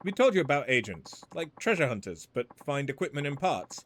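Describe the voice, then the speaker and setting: A man voicing a brisk, bossy woman shopkeeper in a video game, speaking clipped, broken English in a put-on Chinese accent. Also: medium pitch, sing-song, slight background noise, close to an everyday voice. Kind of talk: reading game dialogue aloud.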